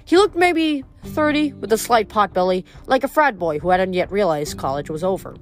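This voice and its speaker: A woman reading a novel aloud in an expressive storytelling manner. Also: medium pitch, moderate pace, hardly any pauses, faint music behind. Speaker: reader.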